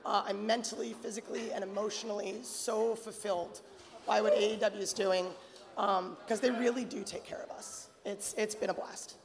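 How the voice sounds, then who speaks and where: A woman speaking as a guest on a live panel, hoarse from days of yelling, playful and bold. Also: medium pitch, steady tone, moderate pace, over a noisy crowd. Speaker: wrestling referee guest. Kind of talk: casual panel chat. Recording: live hall with long reverb.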